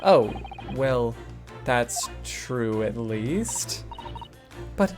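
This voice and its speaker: A woman's voice: a bass voice, animated, extremely slow, music in the background, exaggerated voice. A woman voicing a bewildered young male lawyer from a game, hesitant and stammering. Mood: baffled.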